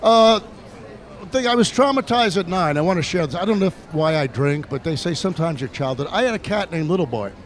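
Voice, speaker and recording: A man's voice: on the high side, animated, brisk. A middle-aged man from New City, a comedian firing off punchy one-liners and chuckling at his own jokes. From New York City. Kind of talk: stand-up comedy set. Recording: live set with a noisy crowd.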